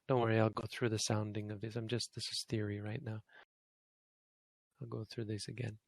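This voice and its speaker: A man's voice: on the low side, flat delivery, unhurried, vocal fry, long pauses, bright, forceful tone, no room sound. A man teaching a language lesson, patiently explaining and demonstrating sounds over and over.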